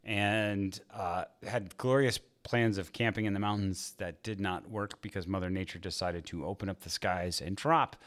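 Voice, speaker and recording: A man talking casually on a podcast, rambling with many fillers and breaking into laughs often. His voice sits somewhat low. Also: steady tone, moderate pace, hardly any pauses, a bit bright. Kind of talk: casual chat about movies.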